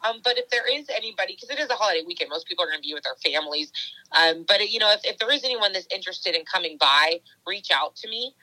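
A woman's voice: medium pitch, animated, quick pace, sharp tone, dry recording, rough recording. A woman obstacle racer chatting casually in an interview, rambling with many fillers and restarts. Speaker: obstacle race athlete.

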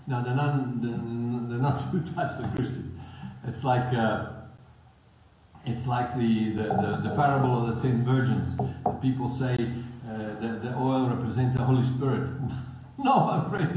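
A man's voice: mid-range voice, warm tone, slight background noise. A man from South Africa with a South African accent, preaching a sermon in an emphatic way, breaking into short laughs and restarting his phrases. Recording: very echoey room.

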